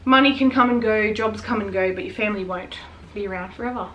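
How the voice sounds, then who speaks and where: A woman's voice: mid-range voice, fast talker, dull audio, a little hiss or hum. A pregnant woman in her late twenties, chatting frankly and a little out of breath while she wraps gifts at home. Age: late 20s. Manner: frank, chatty, swears and laughs often. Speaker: vlogger. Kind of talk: casual chat while wrapping gifts.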